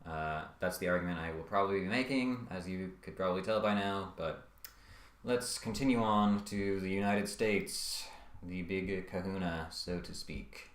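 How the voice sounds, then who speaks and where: A man's voice: deep voice, normal speed, reverberant. A man giving casual commentary on a video essay, with frequent ums and uhs and wry asides.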